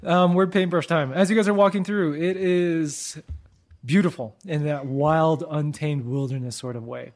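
A man's voice: fairly high pitch, fairly even intonation, moderate pace, a little mellow. A man running a tabletop game as game master, narrating scenes in a playful, descriptive way on a radio show with a studio microphone. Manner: descriptive, playful, laughs often.

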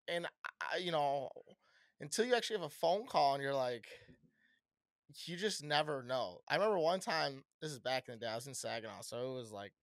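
A man's voice: a little high, expressive, brisk, a bit bright, no room sound. A young American man co-hosting a podcast, telling loose, profane stories in casual chat on a close mic. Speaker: podcast co-host.

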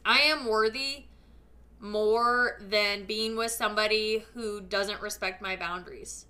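A woman's voice: mid-range voice, fairly even intonation, slow, sharp tone. A woman hosting a podcast, speaking to listeners in a casual, emphatic and earnest faith-based motivational talk. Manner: casual, with frequent fillers. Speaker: podcast host.

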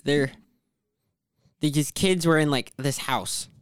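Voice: medium pitch, takes it slowly, clean tone, dry recording, clean studio sound. A person co-hosting a casual podcast chat with friends, rambling and emphatic. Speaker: podcast co-host.

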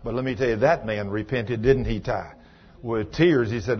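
A man's voice: medium pitch, moderate pace, husky, muffled recording. A man preaching a sermon, swinging into rising, emphatic exhortation as he urges his listeners on.

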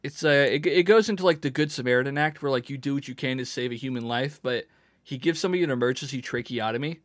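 A man's voice: mid-range voice, quick pace, no echo, studio quality. A young man in his twenties co-hosting a podcast, laid-back and slangy, laughing often. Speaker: podcast co-host. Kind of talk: casual chat.

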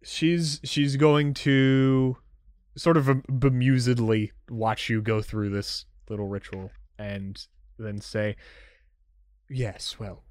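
Casual male game master narrating, mid-pitched, dry close mic. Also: flat delivery, slow pace, darkish tone, no room sound. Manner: casual, filler-heavy narration.

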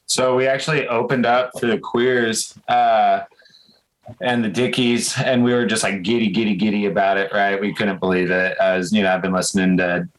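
Band guest, low male voice, casual chatty storyteller, lots of "like" and "uh". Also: normal speed, low-quality recording. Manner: excited rambling with many fillers. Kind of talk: casual interview chat, storytelling.

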